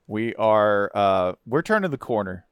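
A man co-hosting a casual sports chat, jokey and animated, swearing freely. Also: on the low side, measured pace, clear, resonant tone, no room sound. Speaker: podcast co-host.

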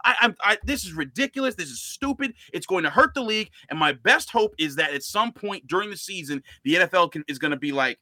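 A man with a high, bright voice that swings widely as he rants about sports rules. He talks in a loose, lively way. The sound is dry and close. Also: dry recording. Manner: animated, ranting, quick to laugh. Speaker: sports talk show co-host. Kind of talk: casual sports debate.

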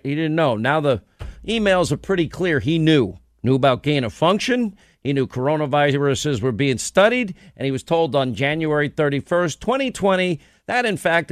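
A combative male talk host gives a sarcastic political monologue, piling rhetorical questions one on top of another. His voice is slightly high for a man, and the studio sound is dry and close with no room echo.

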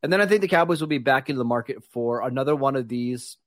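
A man co-hosting a football podcast, giving brisk, decisive opinions in casual talk. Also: mid-range voice, animated, no room sound. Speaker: podcast co-host.

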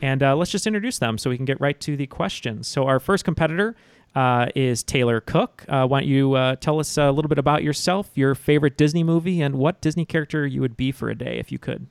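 A man hosting a trivia podcast in casual chat, relaxed and filler-heavy. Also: mid-range voice, fast talker, gravelly, clear, resonant tone, no room sound.

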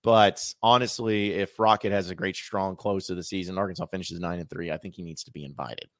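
This podcast host talks sports in a deep, steady voice at a fairly quick clip. He's casual and chatty, rambling and correcting himself as he goes, and the sound is studio quality with no echo.

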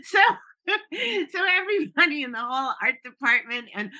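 A woman's voice: sits high, big pitch swings, normal speed, pushed and bright. A woman in her sixties, a guest telling stories in casual chat, often laughing and restarting her sentences.

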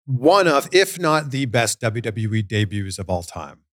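A man's voice: medium pitch, big pitch swings, a little slow, fairly bright tone, no room sound, clean studio sound. A man from Canada hosting a casual interview podcast and reading listener reviews aloud. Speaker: podcast host.

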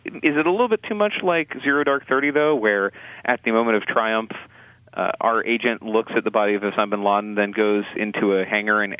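A man co-hosting a casual film review chat, talking in halting, restarting sentences with wry asides. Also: on the low side, dry recording. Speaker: film critic co-host. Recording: tinny phone-like line, dry.

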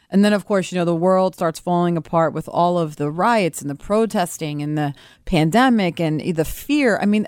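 Lower-voiced woman on dry mic. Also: a little mellow, no echo. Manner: earnest, talkative, many fillers. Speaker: radio show producer and co-host. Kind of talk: casual radio chat.

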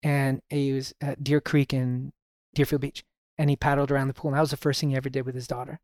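A middle-aged man, a podcast guest, telling stories in a relaxed way and often saying "you know". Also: medium pitch, quick pace, no room sound, clean studio sound. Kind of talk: casual storytelling conversation.

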